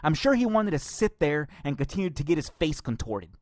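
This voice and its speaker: A man's voice: fairly high pitch, sing-song, brisk, dry recording, clean studio sound. A man hosting a podcast, ranting angrily and profanely with sarcastic laughs. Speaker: podcast host.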